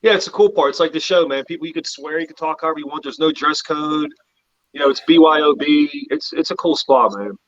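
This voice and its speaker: A man from the Pittsburgh area who is a podcast guest, talking in a relaxed, rambling way and dropping "man" often. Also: a little high, fairly quick, no room sound, lo-fi sound. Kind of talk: casual chat.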